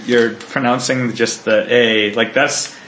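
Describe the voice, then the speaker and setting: A man's voice: medium pitch, steady tone, takes it slowly, a bit bright. An American man in casual chat, loose and laid-back, swearing casually and using lots of fillers. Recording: echoey room, faint noise.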